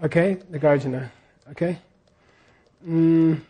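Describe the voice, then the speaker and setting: A male teacher gives a slow, unhurried classroom lecture on scripture in a fairly high voice. He has the students repeat lines after him and keeps checking that they follow. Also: fairly even intonation, warm tone, husky. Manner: leads call-and-response repetition.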